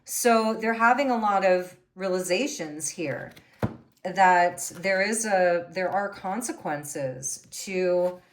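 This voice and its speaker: Slow, musing woman reading tarot. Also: on the low side. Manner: musing, unhurried, thinking aloud over cards. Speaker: tarot reader.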